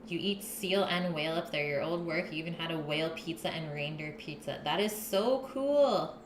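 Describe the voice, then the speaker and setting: A woman's voice: low-pitched, moderate pace, echoey room, noisy background. A woman hosting a live cooking stream, chatting casually with her viewers and her partner while she cooks. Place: home kitchen.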